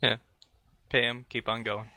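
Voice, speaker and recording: A man's voice: mid-range voice, level tone, a little slow, sharp tone, no room sound. A man playing in a tabletop game, casually describing what his character does. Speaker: player.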